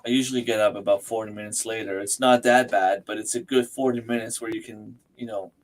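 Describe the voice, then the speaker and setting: A man's voice: fairly low pitch, steady tone, fast talker. Easygoing man hosting a livestream chat. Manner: easygoing, laughs often, greets and answers viewers by name. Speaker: livestream host. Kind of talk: casual chat. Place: home, livestreaming. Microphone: desk microphone and webcam.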